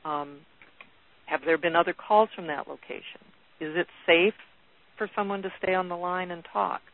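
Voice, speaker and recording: A woman presenting a training webinar in a conversational, halting way. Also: fairly low pitch, no echo. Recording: dry, phone-like call audio.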